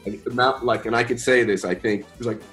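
A man in his fifties from New York, telling stories as a guest in a casual interview, relaxed and chatty with slang and mild swearing. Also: medium pitch, fast talker, faint music behind. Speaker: guest musician.

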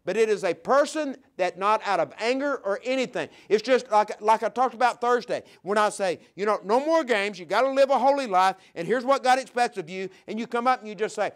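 High-voiced animated male preacher. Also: brisk. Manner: acts out quoted voices, reads scripture aloud; animated preaching with sharp swings in loudness. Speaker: pastor. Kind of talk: sermon.

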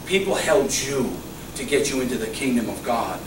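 A middle-aged male pastor preaching a sermon, swinging from loud exclamations to soft, low murmurs, recorded in a church. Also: animated, moderate pace. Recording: echoey church hall, mic at a distance, faint hum.

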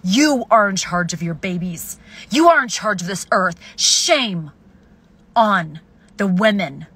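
Young woman in a cussing rage, huge swoopy pitch, bright husky voice, slow heavy delivery. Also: lively intonation. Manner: furious, profane, shouting then hushing. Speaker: video poster. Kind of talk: angry self-filmed rant.

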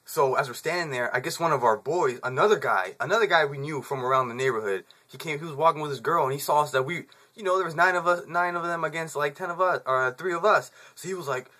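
A man's voice: fairly high pitch, fast, hardly any pauses, sharp tone, husky. A man in his twenties casually telling a story to camera, in slangy, profane speech with frequent chuckles. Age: 20s.

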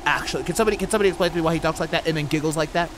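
A man giving profane, incredulous let's-play commentary, ranting loudly at a game. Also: on the high side, rapid-fire, background noise. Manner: loud, cursing, incredulous rants. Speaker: gaming YouTuber.

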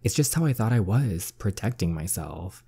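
A man's voice: on the low side, expressive, moderate pace, creaky, mellow, slightly rough, exaggerated voice. A man reading the lines of a guarded, heartsick young woman, earnestly and with feeling, while playing a story game. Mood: anguished.

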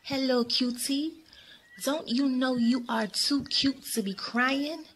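A woman's voice: high voice, slow pace, a bit bright, slightly rough, voice pushed up, heavily acted. Moscow, a flirty male mosquito, voiced by a woman. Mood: charming.

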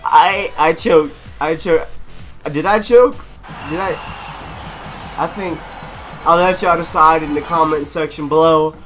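A young man commentating his own gameplay, loud and excitable, yelling and laughing at what happens on screen. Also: a little high, unhurried, long pauses, faint music behind. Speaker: gaming YouTuber.

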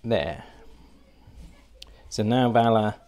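A man's voice: on the low side, extremely slow, darkish tone. A man narrating a solo board game playthrough, thinking aloud and hesitating with fillers as he works out each move.

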